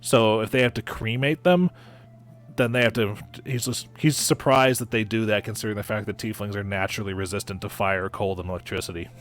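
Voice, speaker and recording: Stammering game master. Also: male voice, on the low side, fairly even intonation, a little fast, a bit bright, faint music behind. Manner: stammering, repeats words. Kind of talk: narrating a tabletop game.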